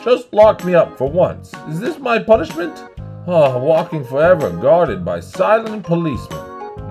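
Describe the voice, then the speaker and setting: Bane, a man playing a gravelly, boastful supervillain. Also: on the high side, full character voice. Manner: theatrical and sarcastic, complains at length. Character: boastful, chatty male supervillain Bane, bossy and touchy. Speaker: roleplay host. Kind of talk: Minecraft roleplay voice acting.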